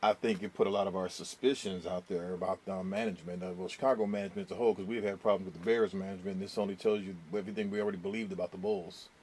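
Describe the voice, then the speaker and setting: A young adult man co-hosting a casual podcast chat, giving measured, opinionated commentary. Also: low-pitched, steady tone, darkish tone, a little hiss or hum. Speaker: podcast co-host.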